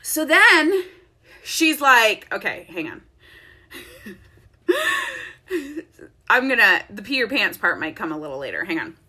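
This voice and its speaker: A woman tells an animated, chatty story from her home office. Her voice sits high and bright, with a pitch that leaps all over as she laughs her way through it. She talks casually and straight to her viewers. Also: unhurried, pauses often. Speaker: network-marketing business leader and vlogger.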